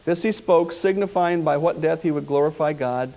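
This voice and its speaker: A man preaching a sermon, retelling a story with dramatic swings between loud outbursts and quiet, hushed lines. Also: a little high, normal speed, hardly any pauses.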